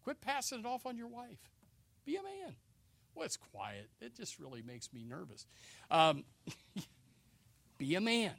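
Pastor, male, high and bright, dynamic sermon delivery, dry close mic. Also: wildly swooping pitch, measured pace, creaky, long pauses, no echo. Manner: swings from low quiet asides to loud shouted exhortation.

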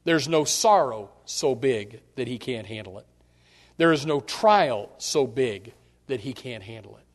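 A man's voice: medium pitch, lively intonation, measured pace. A male pastor preaching a sermon, emphatic and direct with the congregation, repeating his key phrases. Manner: speaks straight to the congregation.

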